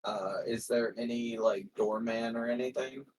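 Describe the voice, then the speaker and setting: A man playing a tabletop role-playing game, talking hesitantly with many pauses and fillers. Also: mid-range voice, fairly even intonation, a little mellow, rough recording. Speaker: player. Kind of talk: tabletop game play, casual.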